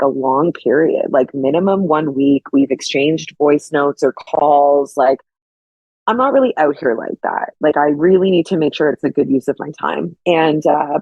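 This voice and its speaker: Young woman, guest storyteller; animated, lots of "like", acts out quoted lines, husky, slightly low voice. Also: no room sound, highs cut off.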